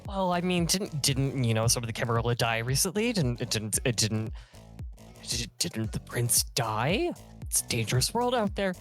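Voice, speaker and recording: A man's voice: medium pitch, big pitch swings, moderate pace, faint music behind, pitched above the performer's own voice, natural voice. A man voicing a cowardly male vampire sire who stammers, bargains and pleads in a raised, panicky voice. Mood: defensive.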